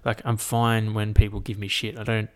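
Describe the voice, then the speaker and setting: A man's voice: fairly low pitch, little pitch movement, normal speed. A young man, chatting casually to his audience in a rambling, sweary rant. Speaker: vlogger. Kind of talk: casual chat. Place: at home, at a laptop.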